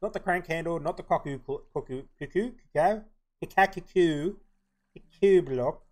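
A man doing a put-on while he plays a game on a live stream. He mutters to himself as he hunts for items and crafts. His voice sits a little high for a man. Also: normal speed, darkish tone. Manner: putting on a mock accent. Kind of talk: live gameplay commentary.

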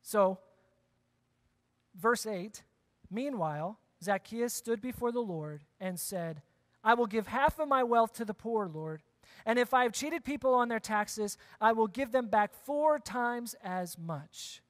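A man's voice: high voice, animated, a little slow. A man preaching a sermon as pastor, talking conversationally, repeating key phrases and asking the congregation questions. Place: church sanctuary. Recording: long church hall reverb.

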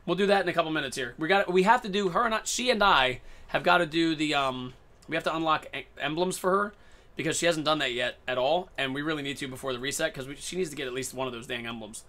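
A man's voice: fairly high pitch, quick pace, sharp tone. A man streaming a video game live, chatting casually and playfully with a running, jokey commentary.

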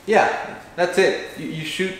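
A man's voice: sits high, takes it slowly. A man hosting, casually talking through a plan for a video and acting out lines. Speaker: channel host. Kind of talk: casual planning chat. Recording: very echoey room, faint noise.

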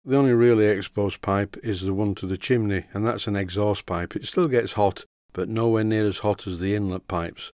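A man's voice: fairly low pitch, steady tone, moderate pace, few pauses, a little mellow, no echo. A man with a Yorkshire accent giving a methodical, step-by-step model engineering tutorial as a voice-over, with a dry sense of humour. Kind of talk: instructional voice-over.

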